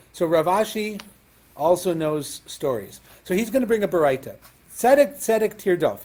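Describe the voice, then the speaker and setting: Mellow-voiced rabbi teaching a Talmud class. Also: male voice, fairly high pitch. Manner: explanatory, checks in with "right?", reads Hebrew and Aramaic terms.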